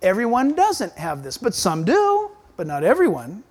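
A man preaches a sermon with great energy and emphasis. His voice swings widely in pitch as he drives his points home. Now and then he acts out the voices he quotes. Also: huge pitch swings, normal speed, darkish tone. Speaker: pastor.

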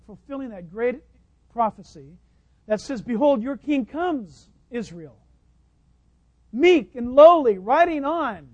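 A man preaching a sermon, stressing key lines with sudden high leaps and dropping into chatty asides. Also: no room sound, lo-fi sound. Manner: emphatic preaching, voice leaping high on key phrases. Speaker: pastor.

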